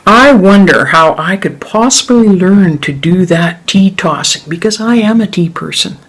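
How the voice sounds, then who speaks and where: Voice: mid-range voice, lively intonation, a little slow, a bit bright, rough recording. A host thanking the storyteller and adding a light remark after the story. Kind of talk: thanking the teller.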